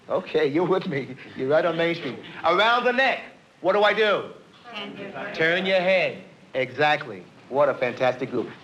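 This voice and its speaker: A middle-aged male police officer teaching a live self-defense class, energetic and coaxing, quizzing the group as he demonstrates. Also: a little high. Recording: dull lo-fi 1970s film sound.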